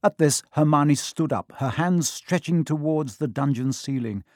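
A man reading a children's fantasy novel aloud in measured, scripted narration. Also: on the high side, a little mellow, no room sound, clean studio sound. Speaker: audiobook narrator.

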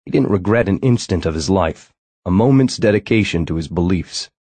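A man reading first-person fiction as an audiobook narrator, steady and brooding. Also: low voice, a little fast, breathy edge, dry recording.

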